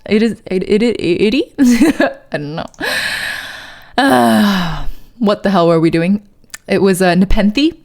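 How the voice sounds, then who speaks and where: A woman's voice: mid-range voice, slow pace, vocal fry, a little mellow. A woman streamer reading a poem aloud in a put-on British accent, stumbling over words and chatting with viewers. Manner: chats with viewers between verses.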